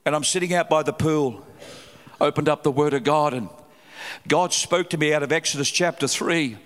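A middle-aged man preaching a sermon with fervour, swinging between loud cries and low, quiet stretches. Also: moderate pace. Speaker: pastor. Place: large church hall. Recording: live hall reverb.

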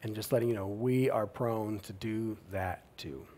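A man preaching a sermon, retelling a Bible story with lively emphasis and quiet asides. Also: lowish voice, normal speed, a little hiss or hum. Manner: animated storytelling, swings between loud emphasis and quiet asides. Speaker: pastor.

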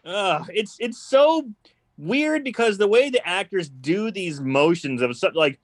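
A man chatting about a movie in a joking, laid-back way, laughing easily as he talks. His voice sits a bit high and swings up and down freely. The sound is dry and close, with no room around it. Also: animated, moderate pace, no room sound. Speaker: podcast co-host. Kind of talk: casual movie chat.

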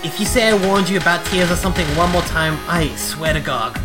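A woman voicing a sardonic, irritable teenage boy, reading a webcomic aloud in roles with flat, swearing sarcasm. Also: on the low side, brisk, over music, lightly acted.

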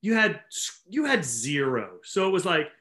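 A man's voice: a little high, very animated, a little slow, a bit bright. A man hosting a casual conversation, stressing his points emphatically. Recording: roomy echo.

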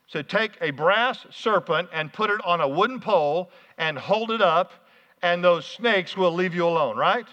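High, bright-voiced male preacher. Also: normal speed. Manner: energetic preaching with call-outs to the congregation. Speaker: pastor. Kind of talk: sermon. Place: church hall. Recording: muffled, hall reverb.

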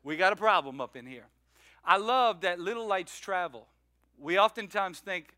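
Male pastor, high bright voice, dry close sound, animated storyteller sermon. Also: measured pace, no room sound. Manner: storytelling, animated, self-mocking, with laughs. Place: church sanctuary.

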